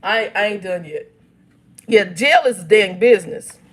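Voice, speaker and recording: A woman's voice: medium pitch, animated, moderate pace, fairly bright tone. A woman in her fifties tells a personal family story straight to her viewers. She talks emphatically, often exclaims and laughs, and reads out comments from her live chat. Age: 50s. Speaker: channel host reading live chat.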